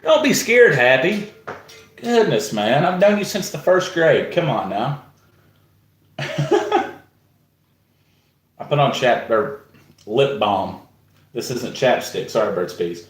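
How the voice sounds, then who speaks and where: A man's voice: medium pitch, reverberant. A man chatting casually on a live stream, greeting viewers by name in a laid-back way. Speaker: live stream host and musician.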